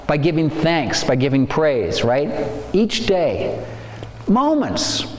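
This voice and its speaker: A man giving a faith-based lecture on stress, animated and acting out worried inner voices. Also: a little high, slow, slight background noise. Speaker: speaker. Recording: echoey hall, faint ambience.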